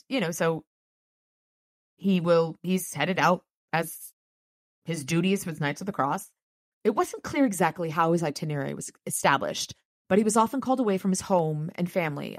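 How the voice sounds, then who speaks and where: A woman's voice: lowish voice, no echo, studio quality. A woman hosting a podcast, reading a novel aloud and adding chatty, enthusiastic asides. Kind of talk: reading aloud with casual commentary.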